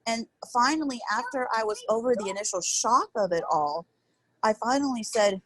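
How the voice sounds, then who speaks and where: A woman's voice: medium pitch, a little slow, a bit bright, slight background noise, rough recording. A woman in her thirties, an interview guest telling a candid personal story in an earnest, emotional, rambling way.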